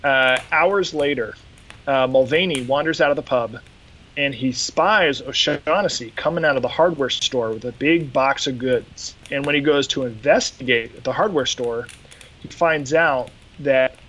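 Speaking at a measured pace in a mid-range voice, a podcast host casually recounts an episode, bringing it to life by acting out the quotes. The recording quality is rough.

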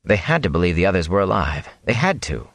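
Deep-voiced expressive male storyteller. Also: quick pace, no room sound. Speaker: audiobook narrator. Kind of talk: scripted narration.

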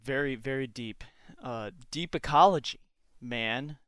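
A man's voice: mid-range voice, measured pace, a bit bright, smooth, no room sound, clean studio sound. A young man hosting a casual podcast chat, joking and ironic, often laughing. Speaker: podcast host.

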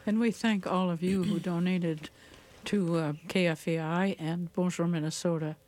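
A woman co-hosts a community radio show and reads the announcements steadily. Her voice is fairly low and mellow, and she delivers the listings plainly, without fuss. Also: steady tone, normal speed. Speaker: radio co-host. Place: radio studio.

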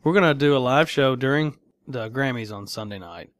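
A man's voice: medium pitch, brisk, fairly bright tone. A man co-hosting a podcast, laid back, with wry asides in casual chat. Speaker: podcast co-host.

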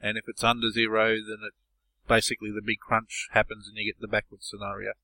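A man's voice: on the low side, completely flat delivery, quick pace, bright, forceful tone, no room sound, poor audio. A man chatting casually as a podcast panelist, explaining a science idea step by step. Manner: explanatory, lays out science plainly. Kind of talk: casual chat.

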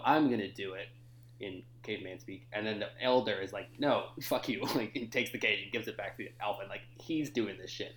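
A man's voice: lowish voice, fairly bright tone, a little hiss or hum. Laughing, profane young man in an echoey room. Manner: laughs often, loose and profane. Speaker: podcast co-host. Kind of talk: casual movie review chat.

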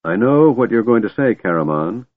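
A man voicing a resolute half-elf leader who speaks calmly and coldly, in a tinny audiobook recording. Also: on the low side, moderate pace. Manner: calm and cold.

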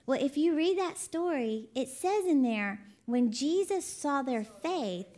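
A high-voiced woman delivers a conversational sermon. She tells folksy stories in a chatty way, often laughing along with her own stories. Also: animated, takes it slowly, darkish tone. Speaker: ministry CEO and preacher.

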